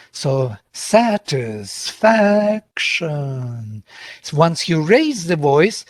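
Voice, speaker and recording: A man's voice: fairly high pitch, dry recording. A man, a linguist and guest speaker, answering a question in an explanatory way and checking that listeners follow. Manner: explanatory, checks understanding with "yeah?". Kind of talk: lecture answer on an online call. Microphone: video call.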